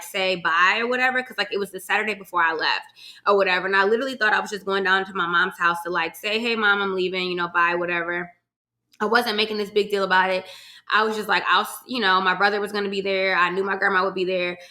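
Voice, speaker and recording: A woman's voice: mid-range voice, sharp tone. A young woman from Virginia hosting her own podcast, chatting to listeners in a casual, swearing, y'all-heavy storytelling way. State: emotional, holding back tears at times. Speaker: podcast host.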